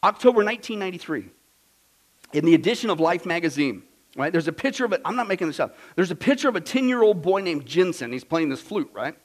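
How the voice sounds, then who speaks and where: A man preaching a sermon, fiery and emphatic, swinging from loud declarations to hushed storytelling. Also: high voice, sing-song, quick pace, rough recording.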